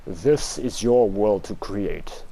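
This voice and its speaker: A gamer putting on a deep, slow, solemn narrator voice for a mysterious game spirit. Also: animated, creaky, dark tone, full character voice. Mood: ominous. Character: deep ominous narrator spirit calling a child.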